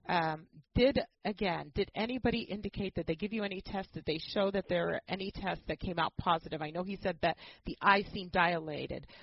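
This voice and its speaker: A talk show host asking deliberate, halting questions of a caller. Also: medium pitch, lo-fi sound. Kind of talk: interview questioning.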